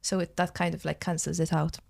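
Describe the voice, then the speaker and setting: A woman's voice: deep voice, flat delivery, a little fast, creaky, a little mellow. A young woman from Malta with a Maltese accent, a drama student chatting casually on a podcast and using lots of fillers. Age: young adult. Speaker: drama school student guest.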